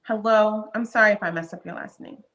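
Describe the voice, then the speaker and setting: Bright-voiced woman in her fifties hosting a live stream. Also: medium pitch, brisk. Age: 50s. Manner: greets viewers by name, chatty and upbeat. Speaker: livestream host. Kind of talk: casual live-stream chat.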